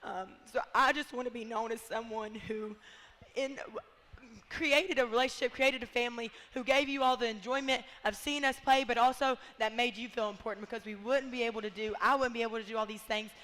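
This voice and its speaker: A woman's voice: on the high side, fairly even intonation, a little fast, a bit bright, in a large hall. A young woman basketball player speaking heartfeltly in a casual radio interview, close to tears at times. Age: young adult. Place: bar and grill.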